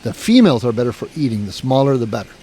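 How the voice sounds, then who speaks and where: A man's voice: mid-range voice, sing-song, rapid-fire, dark tone, slight background noise. A man telling a long story in a casual podcast chat, rambling, swearing and restarting his sentences. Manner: rambling, profane, full of "you know" and restarts.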